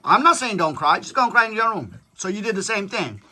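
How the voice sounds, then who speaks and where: A man's voice: high-pitched, very animated, quick pace, few pauses, pushed and bright. A man talking casually with his daughter, lecturing her in a blunt, profane storytelling manner. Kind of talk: casual chat.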